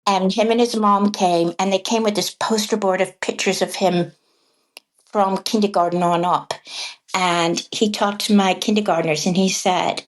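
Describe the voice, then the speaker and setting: Woman, middle-aged, kindergarten teacher, animated storytelling, average pitch. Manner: animated, acts out quoted voices and laughs often. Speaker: podcast guest, kindergarten teacher. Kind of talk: conversational storytelling.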